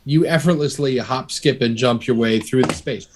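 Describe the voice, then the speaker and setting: A man's voice: mid-range voice, normal speed, a little hiss or hum. A man narrating as game master, talking loosely with many restarts and fillers. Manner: relaxed, filler-heavy narration with frequent restarts.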